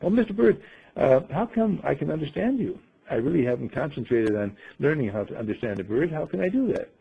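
A man voicing an excitable, fussy woman who exclaims in surprise. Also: a little fast, gravelly, slightly rough, phone-quality sound, full character voice. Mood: amazed. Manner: high, startled and exclaiming.

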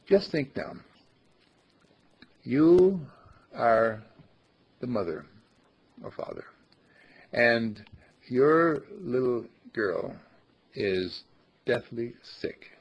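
A man with a gravelly, husky voice teaching a small group on spirituality, speaking slowly and emphatically and repeating phrases like a chant. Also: medium pitch, big pitch swings. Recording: dull lo-fi recording.

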